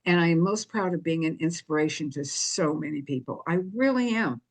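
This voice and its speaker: An older woman, a guest on an interview show, telling her story in a lively, anecdotal way. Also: low-pitched, brisk.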